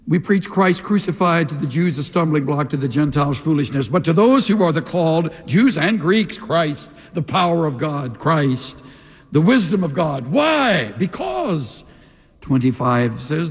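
Husky man preaching in a reverberant hall. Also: on the high side, a little slow. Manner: animated preaching, acting out quoted voices. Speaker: pastor. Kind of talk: sermon. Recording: long reverb of a large hall.

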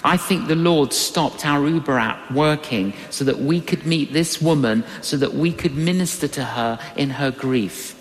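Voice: mid-range voice, a little slow, hardly any pauses. An older preacher giving a sermon and telling personal stories, acting out the people in the stories. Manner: animated, acts out quoted voices. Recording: long reverberant hall.

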